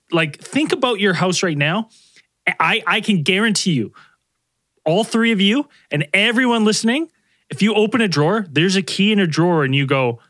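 A high-pitched, very lively man bantering on a podcast, swearing freely and acting out quotes. His voice is bright and sharp, and the dry, close recording has no room sound. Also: no echo. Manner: animated, swears, acts out quotes. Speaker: podcast co-host. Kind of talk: casual banter.

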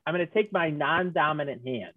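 A man with a slightly high voice talks through his character's moves, joking and restarting his sentences as he thinks. His voice comes through a dull, lo-fi mic, and the sound is dry and close, with no room. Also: brisk, no echo. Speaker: player. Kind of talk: playing a tabletop game over a call.

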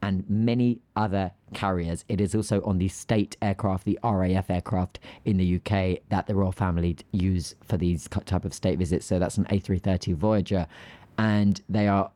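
A British man with a fairly low voice chats on a podcast, telling animated stories and acting out scenes. His voice sounds close and dry, with no room echo. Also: normal speed. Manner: animated storyteller, acts out scenes. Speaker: podcast co-host. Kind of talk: casual podcast chat.

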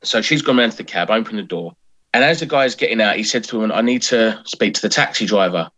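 A man, a comedian and taxi driver, telling animated stories as a podcast guest from a room at home. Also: lowish voice, quick pace. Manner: animated, acts out the people in his stories. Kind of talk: comic storytelling. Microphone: home podcast mic.

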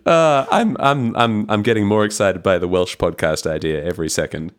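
A man's voice: on the low side, normal speed, clean tone. A man co-hosting a podcast in casual chat, playful and teasing, laughing often. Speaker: podcast co-host.

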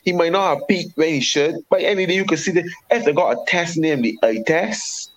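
A man's voice: on the high side, lively intonation, fairly quick. A man with a West Indian accent, a regular panelist arguing heatedly about cricket in a repetitive, emphatic way. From Caribbean. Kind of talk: heated sports debate. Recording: dull lo-fi sound.

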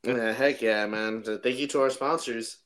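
On a casual podcast, this co-host speaks in a steady, slightly bright medium-pitched voice at a moderate pace. His talk is rambling and jokey, packed with filler words.

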